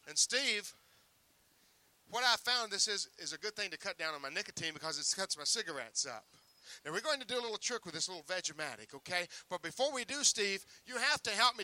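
Joking sideshow magician with a bright voice. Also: male voice, high voice. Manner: joking, teasing showman banter. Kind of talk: stage patter with a volunteer. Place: outdoor sideshow stage.

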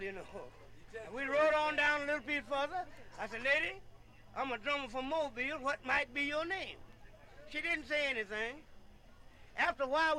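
Guy telling funny tall tales, real high voice, laughs a lot. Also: pushed and bright, low-quality recording. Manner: folksy, laughs often, repeats "yeah". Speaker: storyteller. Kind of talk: comic folk storytelling.

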